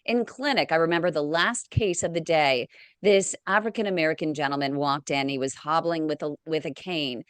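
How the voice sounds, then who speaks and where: A woman's voice: deep voice, normal speed, clear, resonant tone, dry recording. A woman on a discussion panel, the founder of an advocacy group, telling a personal story in a heartfelt, emotional way. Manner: heartfelt, emotional, tearing up at times.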